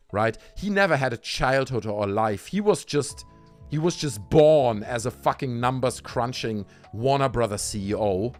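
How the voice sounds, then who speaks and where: A man on a livestream, furious and sarcastic, cursing as he goes. His pitch leaps up in mock brightness and then drops to low grumbles. Soft music plays faintly beneath his voice. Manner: sarcastic, profane, frequently dropping into low mutters. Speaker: streamer. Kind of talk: angry livestream rant.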